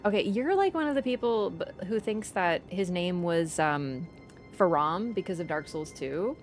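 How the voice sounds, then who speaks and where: A woman livestreamer in casual chat, animated and teasing toward viewers and swearing casually. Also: on the low side, normal speed, faint music behind.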